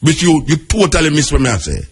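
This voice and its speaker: A Jamaican man hosting a call-in radio show, arguing with callers in a raised, animated voice. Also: on the high side, quick pace, husky. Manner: animated, argumentative, raises his voice. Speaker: radio talk show host. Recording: radio broadcast.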